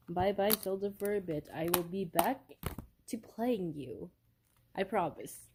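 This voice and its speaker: A young woman talks through a casual at-home unboxing, filmed on her phone. Her voice sits a little low and she speaks slowly, drifting between thoughts with frequent giggles and little fillers. She sounds giddy with delight the whole way through. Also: a little mellow. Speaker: vlogger. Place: upstairs room at home. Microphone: phone held by the speaker.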